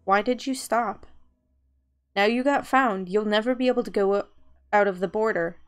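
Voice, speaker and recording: A woman voicing a stern, calm man who gives firm instructions in a game reading. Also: mid-range voice, normal speed, smooth, close to an everyday voice.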